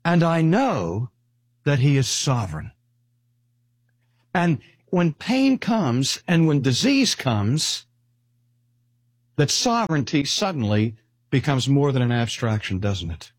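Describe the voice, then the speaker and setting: Older male preacher, husky and dry. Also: medium pitch, big pitch swings, no echo. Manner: measured, with slow emphatic pauses. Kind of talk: sermon. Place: speaking at a cancer hospital.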